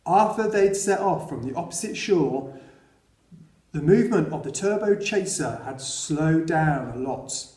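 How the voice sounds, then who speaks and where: A man reading a children's novel aloud in a steady storytelling way. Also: fairly high pitch, unhurried, echoey room. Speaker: audiobook reader.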